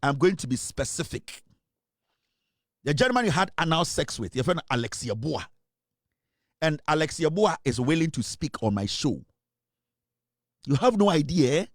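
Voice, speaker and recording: A man's voice: a little high, very animated, normal speed, long pauses, no room sound, clean studio sound. A man hosting a live talk show, delivering repetitive, threatening accusations. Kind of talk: heated live commentary.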